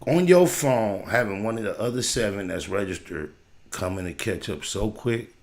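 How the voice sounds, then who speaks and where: Male streamer, gravelly low voice, casual reaction commentary, animated and preachy. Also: moderate pace. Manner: animated, preachy, swings from loud hype to low lecturing. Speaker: livestream host reacting to a video.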